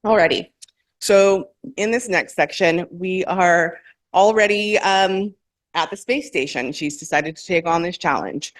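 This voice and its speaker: A woman at an open mic, reading her own novel aloud in a measured, careful way and correcting small slips as she goes. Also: fairly low pitch, no room sound. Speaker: featured author at an open mic. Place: performance hall, in person.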